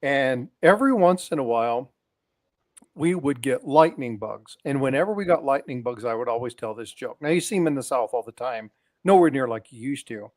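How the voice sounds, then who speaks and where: A man's voice: mid-range voice, lively intonation, fairly quick, darkish tone, no room sound. A man casually telling long jokes on a live stream, animatedly doing the characters' voices as he goes. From lived in Utah.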